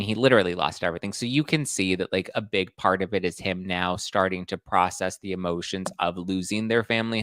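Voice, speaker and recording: A man's voice: low-pitched, fairly bright tone, clear, resonant tone, no echo. A man giving casual celebrity gossip commentary, retelling stories in a chatty way. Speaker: pop culture commentator.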